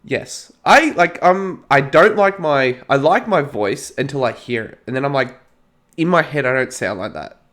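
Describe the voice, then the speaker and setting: Upbeat Australian podcast host. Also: male voice, medium pitch, moderate pace. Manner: lively, laughing, self-mocking. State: groggy from hay fever tablets. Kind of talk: casual chat.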